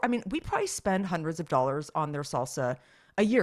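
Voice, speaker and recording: A woman chatting casually as a podcast co-host, animated and rambling with lots of fillers. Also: deep voice, fairly quick. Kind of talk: casual chat.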